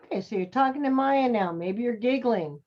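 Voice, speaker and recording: With lively intonation and a fairly high voice at a moderate pace, a woman coaches acting students over a video call. Slight background noise colors the dull lo-fi audio as she encourages them, calling them sweetie and honey.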